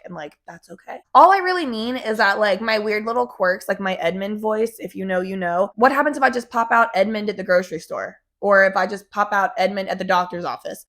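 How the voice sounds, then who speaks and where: A woman's voice: mid-range voice, expressive, fast talker, hardly any pauses, fairly bright tone. A young woman talking casually to camera in a chatty way, swearing often and filling her talk with "like". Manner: chatty, frequent swearing and fillers. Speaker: vlogger.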